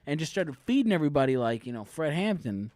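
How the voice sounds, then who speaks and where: A man riffs on a casual podcast, his pitch swinging widely as he talks. The sound is dry and close, with no room around it. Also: fast, no room sound. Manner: animated storyteller, rambling riffs. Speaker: podcast co-host. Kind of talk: casual chat.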